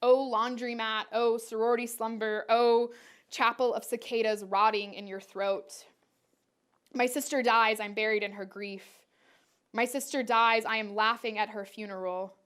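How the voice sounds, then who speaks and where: A woman's voice: on the high side, little pitch movement, moderate pace, fairly bright tone, clean tone. A woman performance artist delivering spoken-word poetry in a rhythmic, incantatory way, repeating her refrains.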